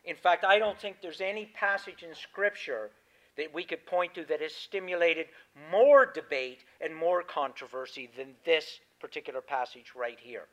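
A man's voice: a little high, normal speed, a bit bright, poor audio. A man preaching a sermon, chatting easily with his congregation, then reading scripture aloud with rising emphasis. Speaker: pastor.

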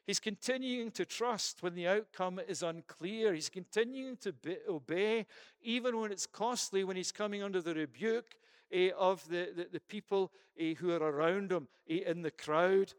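A man preaching a sermon with fervent intensity, swinging from loud appeals to hushed reflection and stumbling now and then over verse numbers. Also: sits high, moderate pace, smooth, dry recording, studio quality.

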